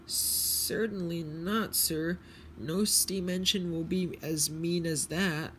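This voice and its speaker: A man voicing a young, tired, polite tank engine in a high, strained, pleading voice. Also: fairly even intonation, slow, fairly bright tone, slight background noise.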